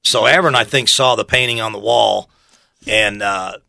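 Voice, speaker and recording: An older man chatting casually, an animated storyteller who acts out quotes and laughs as he recalls working for a soccer club. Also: lowish voice, moderate pace, vocal fry, heavy background noise. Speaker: former soccer club staff guest. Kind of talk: casual chat.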